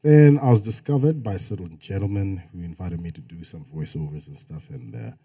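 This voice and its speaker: A man's voice: low voice, a little fast, creaky, dark tone, husky. A man who works as a radio DJ and voice-over artist, chatting as a podcast guest in a laid-back way with frequent laughs. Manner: laid-back, laughs often, speaks in restarts. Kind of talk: casual podcast chat.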